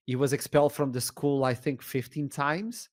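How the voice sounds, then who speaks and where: Animated Portuguese-accented man telling a story. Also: medium pitch, moderate pace. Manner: animated, acts out dialogue, laughs often. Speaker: esports shoutcaster, podcast guest. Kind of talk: storytelling in a podcast interview.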